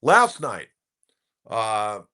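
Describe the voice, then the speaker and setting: A man's voice: fairly low pitch, huge pitch swings, extremely slow, pushed and bright. An older man hosting a sports talk show, chatting and telling stories in an opinionated way, with frequent fillers. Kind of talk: casual sports talk commentary.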